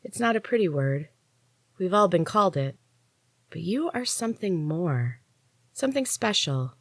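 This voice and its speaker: A woman voicing a gruff, begrudging young woman warrior in an audiobook reading, blunt and weary. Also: lowish voice, very animated, normal speed, dry recording, voice pushed up.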